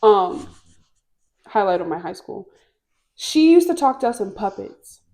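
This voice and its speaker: A young woman co-hosting a casual talk show, telling a long story with plenty of swearing. She gets loud and lively when she acts out the people in it. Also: medium pitch, measured pace. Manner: animated, swearing, acts out quoted people loudly. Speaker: podcast co-host.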